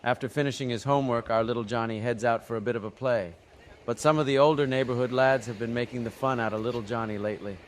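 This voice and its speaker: A man's voice: mid-range voice, slight background noise. A man narrating jokes in a scripted, slang-filled storytelling style. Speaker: joke narrator.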